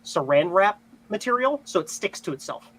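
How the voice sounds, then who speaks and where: A man's voice: sits high, big pitch swings, moderate pace, a bit bright, low-quality recording. A man chatting on a livestream call, explaining his gear in an easygoing way. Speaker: guest on a repair livestream. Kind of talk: casual group chat on a video call.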